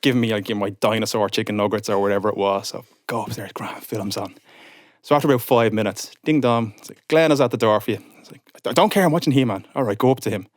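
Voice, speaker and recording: Animated man telling a story. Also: on the low side, quick pace, dry recording, studio quality. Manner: animated storyteller, acts out quotes. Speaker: podcast guest. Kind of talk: casual podcast chat.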